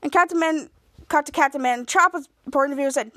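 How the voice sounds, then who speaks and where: A woman's voice: high-pitched, brisk, fairly bright tone. A woman podcast host giving a casual, rambling recap of a TV episode, often restarting her sentences. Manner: rambling, restarts with many cuts.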